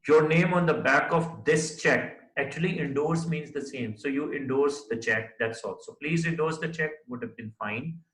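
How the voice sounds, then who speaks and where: A man's voice: a little high, moderate pace, few pauses, fairly bright tone. A man teaching a recorded lecture, who explains step by step and keeps checking understanding with "right?". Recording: echoey room.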